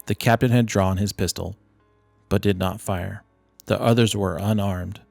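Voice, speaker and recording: Deep voiced guy reading a classic story slow and even, dry close sound, soft music behind. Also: vocal fry, dry recording. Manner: steady, measured reading. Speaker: narrator. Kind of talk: audiobook narration of a classic story. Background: low ambient music.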